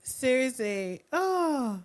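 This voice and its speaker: A woman's voice: high-pitched, very animated, drawn-out words. A young woman hosting a casual live recap, chatty and giggly, reading viewer comments aloud. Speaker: live-stream host.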